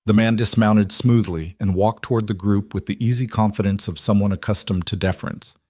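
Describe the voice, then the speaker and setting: Low-voiced male storyteller. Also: steady tone, a little fast, a little mellow, dry recording, clean studio sound. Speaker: narrator. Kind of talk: scripted narration.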